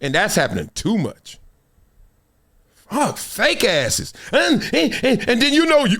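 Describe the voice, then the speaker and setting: A male podcast host with a fairly high voice that swoops up and down. He talks in a preachy, dramatic way, leaning into his points and playing out quick scenes with voices. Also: wildly swooping pitch, fairly bright tone. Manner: preachy, dramatic, acts out quotes. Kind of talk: animated commentary.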